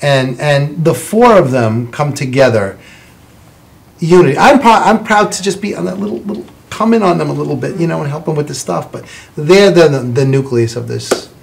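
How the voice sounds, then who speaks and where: A man's voice: a little high, lively intonation, gravelly, slight background noise. Effusive rambling male talk show host. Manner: effusive, rambling, quick to praise guests. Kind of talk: chatty studio interview. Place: television studio.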